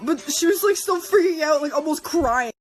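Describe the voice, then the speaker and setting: A young woman telling a casual storytime in a lively, amused manner. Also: high voice, normal speed, soft background music.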